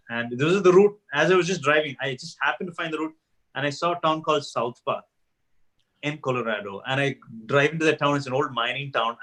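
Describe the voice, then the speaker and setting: A man's voice: a little high, low-quality recording. A man on a comedy talk show, rambling through an anecdote at an easy pace. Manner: relaxed, rambling with many uhs. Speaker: comedian guest. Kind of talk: casual chat.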